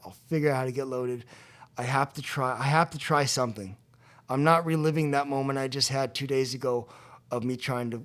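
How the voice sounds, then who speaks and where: This young man has a mid-range, slightly bright voice and appears as a podcast guest at a convention venue. Laughing frequently, he recounts his recovery from addiction and performs the voices of the people involved.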